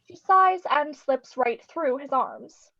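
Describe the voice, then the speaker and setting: A woman narrator reading stage directions in a brisk, wry way. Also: high-pitched, animated, sharp tone, lo-fi sound.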